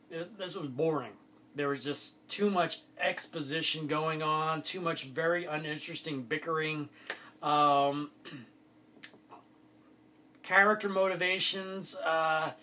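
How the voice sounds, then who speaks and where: A man's voice: a little high, bright, forceful tone, slight background noise. Exasperated man ranting a film review. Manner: exasperated, ranting, many fillers and restarts. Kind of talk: casual spoken film review.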